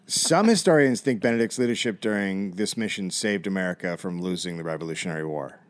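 Low-voiced man telling a history story. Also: brisk. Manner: profane, wry retelling with mock voices. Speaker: comedy podcast co-host. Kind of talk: casual storytelling.

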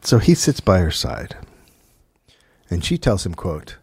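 A man hosting a comedy podcast, retelling a story in a dry, deadpan way. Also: sits low, measured pace, long pauses, slightly rough, dry recording. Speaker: podcast host. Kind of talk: comic storytelling.

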